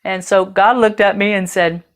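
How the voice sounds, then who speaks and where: A woman's voice: mid-range voice, fairly even intonation, moderate pace. A woman host telling a personal story in a candid, earthy way, with casual swearing.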